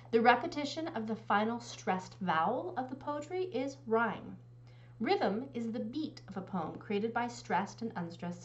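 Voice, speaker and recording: A woman instructor talks through a recorded lecture with a clear, explanatory manner. Her voice sits a little high and moves with lively rises and falls. The audio is somewhat dull and lo-fi.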